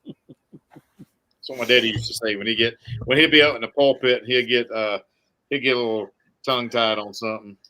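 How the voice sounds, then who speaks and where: A man's voice: medium pitch, fairly even intonation, moderate pace, long pauses, pushed and bright. A man chatting on a podcast, rambling with many restarts and folksy sayings. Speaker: podcast co-host. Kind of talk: casual podcast chat.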